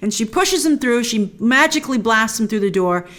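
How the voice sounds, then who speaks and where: A woman's voice: on the high side, expressive, normal speed, fairly bright tone. A woman hosting a TV episode recap, talking with gushing enthusiasm and retelling scenes in a chatty, casual way. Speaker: host.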